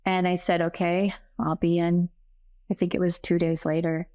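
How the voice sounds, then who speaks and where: A woman's voice: on the low side, level tone, normal speed, mellow. A middle-aged woman, a guest on a podcast, telling a personal story in an earnest, conversational way and acting out the remembered dialogue. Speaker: podcast guest, psychic medium. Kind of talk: personal storytelling in a casual interview.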